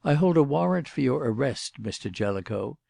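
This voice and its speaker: Casting: man reading a blunt, grumbling inspector, gravelly and rough, pushing impatiently. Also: medium pitch, lively intonation, brisk, mellow, no echo, voice pushed up. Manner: gruff and impatient.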